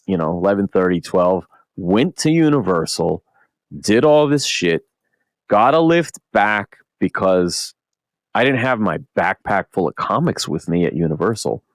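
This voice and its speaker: A middle-aged man, a podcast host, telling a long convention story in casual chat, animated and swearing often. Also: deep voice, measured pace, dry recording, clean studio sound.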